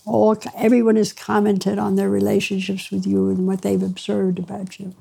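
Speaking at a moderate pace in a monotone, this older female pediatrician has a medium-pitched voice that is gravelly and mellow with a breathy edge. She recounts her story conversationally in an interview, wry and reflective, with laughter slipping in between phrases.

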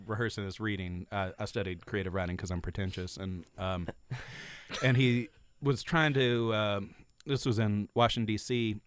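A man's voice: fairly low pitch, fairly even intonation, moderate pace, clean tone. A man from the US South, a guest musician, telling rambling, self-mocking stories in a casual podcast chat.

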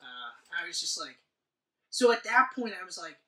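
A man's voice: high voice, big pitch swings, moderate pace, bright, forceful tone. A man co-hosting a casual movie chat, rambling and profane, acting out scenes as he retells them. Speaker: podcast co-host. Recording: echoey room, mic at a distance.

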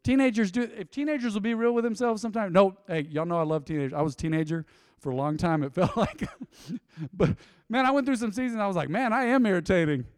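Give me an emotive male pastor delivering a sermon in a high, bright voice. He preaches with energy, jumping from loud bursts to hushed asides. The voice sounds close and dry, with a long hall reverb trailing behind it. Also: fast, clear, resonant tone. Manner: energetic, emotive, swinging between loud and soft.

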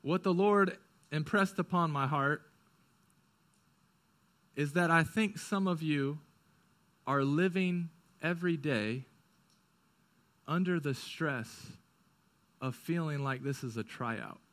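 A male pastor preaching a sermon, moving from quick, urgent stretches to hushed, slow ones. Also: on the high side.

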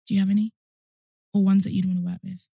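A woman hosting a podcast interview, asking questions in a relaxed way. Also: medium pitch, quick pace, gravelly, slightly rough, no echo, studio quality. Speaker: podcast host.

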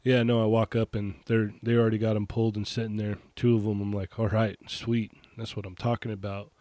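Male co-host, low-pitched, relaxed storyteller, dry close sound. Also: fairly quick, dry recording. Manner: laid-back, laughing, storytelling. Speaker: podcast co-host. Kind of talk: casual chat about toy collecting.

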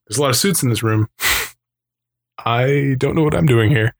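A man's voice: mid-range voice, a little slow, creaky. A man co-hosting a podcast, telling stories in casual chat with a rambling, laughing manner and acting out the voices of people he quotes. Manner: rambling storyteller who acts out quoted voices; laughs often between remarks. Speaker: podcast co-host.

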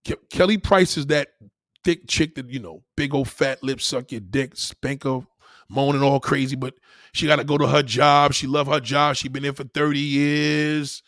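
A man's voice: on the high side, no echo, studio quality. A man hosts a podcast and rants in a crude comedic style, swearing freely and laughing at his own lines. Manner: animated, profane, laughing asides. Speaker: podcast host.

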